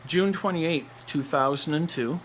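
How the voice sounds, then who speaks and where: A man's voice: on the high side, measured pace, fairly bright tone, slight background noise, poor audio. Blunt rambling man telling his story. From Nova Scotia, Canada. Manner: blunt, rambling, repeats phrases for emphasis; laughs between lines. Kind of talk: personal storytelling monologue.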